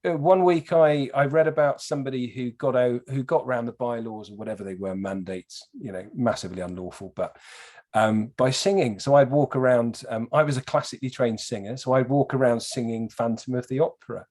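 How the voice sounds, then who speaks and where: Man, podcast guest, lively storyteller who swears a lot. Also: mid-range voice, brisk. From England. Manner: animated storyteller, swears freely. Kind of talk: casual podcast chat.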